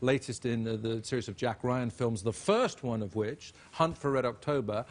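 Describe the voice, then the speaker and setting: Male actor-director guest, mid pitch, earnest and rambling. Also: moderate pace. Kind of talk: talk show interview.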